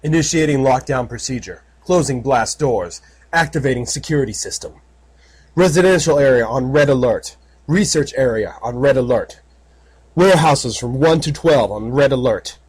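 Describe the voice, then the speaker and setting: A man voicing an automated security system in a fan audiobook, reading alerts in a flat, mechanical way. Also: medium pitch, normal speed, husky, lightly acted, low-quality recording.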